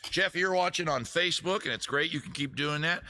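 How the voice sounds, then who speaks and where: A man hosting a casual livestream, rambling and self-mocking with deadpan asides. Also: fairly high pitch, a little fast, dry recording. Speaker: livestream host. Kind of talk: casual livestream chat between songs.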